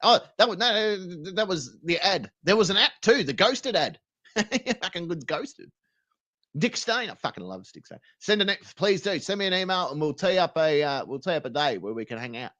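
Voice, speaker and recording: A man with an Australian accent, streaming and ranting crudely, swinging between loud outbursts and low mumbles. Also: big pitch swings, normal speed. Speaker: streamer reacting to videos. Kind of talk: crude comedic rant.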